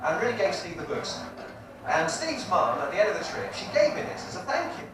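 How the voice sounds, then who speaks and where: A man's voice: sits high, sing-song, a little fast. A man in his forties doing a stand-up comedy set on stage, brash and crude with his punchlines. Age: 40s. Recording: echoey live room from far off, audience noise.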